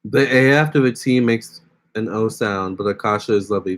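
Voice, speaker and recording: A man's voice: lowish voice, brisk. A young man hosting a casual phone livestream, chatting with viewers and reading their comments aloud. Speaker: livestream host.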